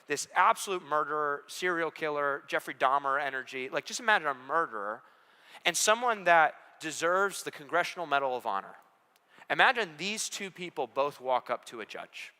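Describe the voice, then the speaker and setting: Bright-voiced pastor in an echoey church. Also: male voice, mid-range voice. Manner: earnest, building to emphatic repeated questions. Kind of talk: sermon. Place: large church auditorium.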